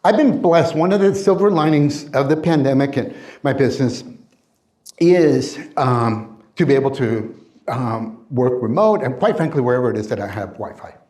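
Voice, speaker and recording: A middle-aged man giving an energetic motivational talk as a career coach, telling stories and acting out quoted people in playful voices. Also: mid-range voice, moderate pace, reverberant.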